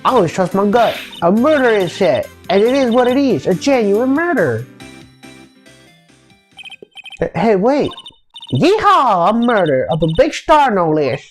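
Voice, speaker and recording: A woman voicing a pushy female reporter with a Southern accent, loud and folksy. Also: mid-range voice, very animated, moderate pace, soft background music, voice pushed up, lightly acted. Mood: triumphant. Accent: American Southern, as put on. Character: gossipy brash woman reporter.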